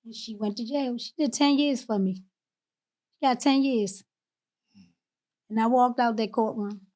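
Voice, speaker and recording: A woman from Baltimore, a podcast guest, telling a personal story candidly and emotionally, often drifting softer on painful moments. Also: a little high, a little slow. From Baltimore, USA.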